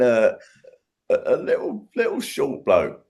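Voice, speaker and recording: A man, a guest, telling stories in casual chat, animated and laughing, with trailing restarts. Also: fairly high pitch, normal speed.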